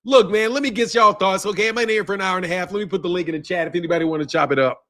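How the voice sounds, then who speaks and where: High-voiced man ranting on a boxing livestream. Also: very fast, pushed and bright. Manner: profane, laughing, repeats "bro". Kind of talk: casual livestream rant.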